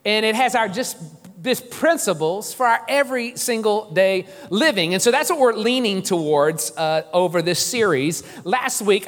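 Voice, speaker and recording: A man preaching a sermon as pastor, lively and joking, drawing the congregation in. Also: sits high. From New Orleans. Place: church sanctuary. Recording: long church reverb.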